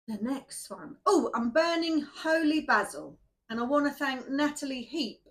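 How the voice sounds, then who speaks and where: This is a woman who sits a touch high in pitch. She sounds worn out and a little shaky from night shifts, but she stays chatty, rambling, and quick to laugh at herself. She is a tarot reader warming up her viewers with some casual chat.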